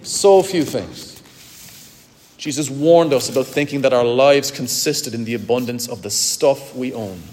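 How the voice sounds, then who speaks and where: A man preaching a sermon with emphatic, dramatic swings between loud and soft. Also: medium pitch, unhurried. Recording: long hall reverb.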